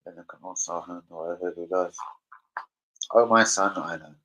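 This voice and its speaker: A man's voice: deep voice, steady tone, moderate pace, sharp tone, low-quality recording. A man hosting a casual fan live stream, crude and rowdy, joking with his chat. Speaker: fan channel host. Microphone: streaming setup.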